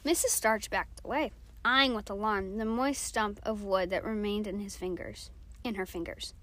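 A woman reading a novel aloud, narrating lively and acting out the characters' dialogue. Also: medium pitch, normal speed. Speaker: reader.

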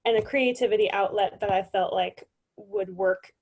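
A woman's voice: mid-range voice, fairly even intonation, normal speed, gravelly, darkish tone. A young woman as a guest on a casual interview show, talking with many fillers.

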